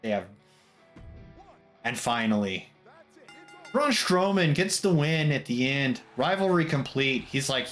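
A man's voice: medium pitch, lively intonation, moderate pace, a bit bright. A man giving casual, wry game commentary as he recaps wrestling matches, dropping mock quotes. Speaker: gameplay commentator. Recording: background music under voice. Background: background music.

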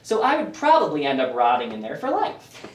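A man performing a self-deprecating stand-up set with deadpan asides for a small audience in a living room. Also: fairly high pitch, fairly quick, reverberant, recorded from a distance. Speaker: stand-up comic.

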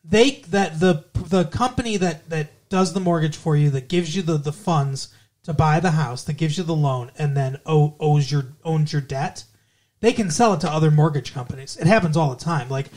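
A man's voice: on the high side, normal speed, darkish tone. A man co-hosting a podcast, casually recapping a TV episode and explaining things at length with many restarts. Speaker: podcast co-host.

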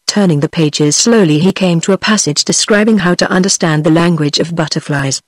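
A text-to-speech woman's voice with a British English accent, reading a fairy tale aloud in a steady, even audiobook manner. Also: lowish voice, fairly quick, no room sound. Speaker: audiobook narrator. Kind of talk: synthetic audiobook narration.

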